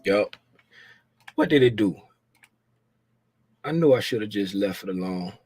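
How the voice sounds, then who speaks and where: A man's voice: on the low side, lively intonation, measured pace, a little mellow, breathy edge, soft background music. Frustrated man muttering while trading. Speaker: trading channel host. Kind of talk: casual live commentary while trading.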